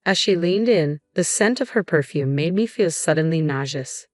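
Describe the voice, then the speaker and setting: Low-voiced woman narrating a story. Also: expressive, normal speed, hardly any pauses, dry recording, studio quality. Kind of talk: scripted first-person story narration.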